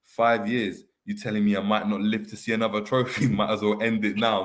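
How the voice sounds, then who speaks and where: A young man, hosting a casual football chat and reading viewer comments aloud with animated banter. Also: lowish voice, brisk. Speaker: host. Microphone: webcam on video call.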